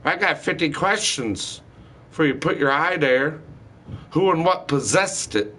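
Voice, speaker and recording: A man in a heated, rambling rant, cursing constantly and firing accusations one after another. His voice sits a little higher than most men's. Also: lively intonation, a little slow, pushed and bright, breathy edge. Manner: heated, profane, accusatory ranting. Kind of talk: rambling angry monologue.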